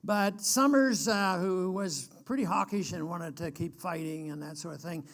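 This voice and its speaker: An older American man giving an earnest political speech, emphatic and halting with frequent restarts. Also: high voice. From United States. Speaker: guest speaker.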